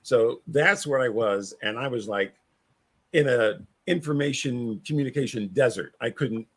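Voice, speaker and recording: A man's voice: medium pitch, normal speed, fairly bright tone, breathy edge. A man, a paranormal investigator, chatting as a guest on a podcast in a rambling, preachy way that repeats itself. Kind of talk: casual podcast chat.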